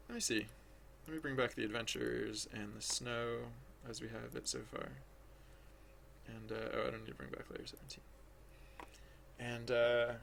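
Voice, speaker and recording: A man's voice: medium pitch, gravelly, a bit bright, a little hiss or hum. A man thinking aloud as he draws on a livestream, rambling and hesitant, full of restarts, chatting with viewers. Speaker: livestreaming digital artist.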